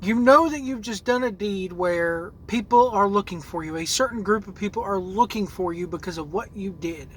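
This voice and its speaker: Here a man hosting a gaming channel vents his anger about a video game, cursing and echoing his own words while he looks for the next ones. His voice is high and fairly bright, moving at normal speed with few pauses. A faint hiss or hum runs under the low-quality audio.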